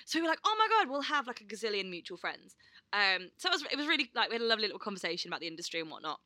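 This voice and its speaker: A woman's voice: mid-range voice, big pitch swings, very fast, sharp tone, dry recording, clean studio sound. A young woman, co-hosting a podcast and telling a story in a chatty way, laughing often and swearing casually. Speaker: podcast co-host. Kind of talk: casual chat.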